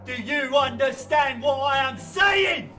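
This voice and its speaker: An actor playing a menacing gangster who shouts and swears as he threatens someone. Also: very high voice, animated, slow, faint music behind, exaggerated voice. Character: menacing male gangster twin, brutal. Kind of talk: film acting. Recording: distant voice over film score.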